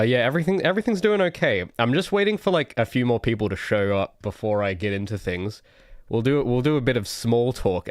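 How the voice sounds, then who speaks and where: Male streamer, lowish voice, dry close sound, rambling self-mocking banter. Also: dry recording. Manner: joking, rambling, self-deprecating. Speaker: indie game developer streaming. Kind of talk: casual livestream chat.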